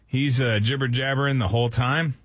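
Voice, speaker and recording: A man's voice: medium pitch, steady tone, a little fast, no echo. Male radio host, playful banter, dry studio sound. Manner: playful, teasing, laughs often.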